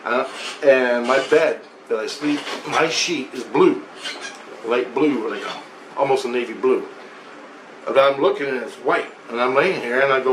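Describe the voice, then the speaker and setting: Speaking at a measured pace with medium pitch, a man vlogs about a spiritual vision he had, rambling, cursing freely, and restarting and repeating lines. Faint background noise and a roomy echo color the audio.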